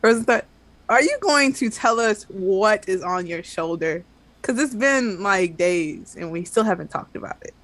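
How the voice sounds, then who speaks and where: A player voicing a calm party member who gently presses a friend with questions. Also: medium pitch, moderate pace. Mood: concerned. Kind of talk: tabletop role-play.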